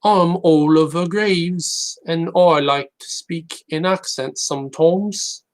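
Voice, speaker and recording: A man doing a put-on British accent, slowly delivering deadpan one-liners. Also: on the high side, voice pushed up. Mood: mock-posh. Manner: slow, drawn-out, deadpan joke delivery.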